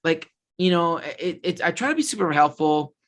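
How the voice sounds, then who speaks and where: A man's voice: on the high side, lively intonation, moderate pace, fairly bright tone. A man from the US West Coast chatting casually on a podcast, telling loose stories with lots of fillers and swearing.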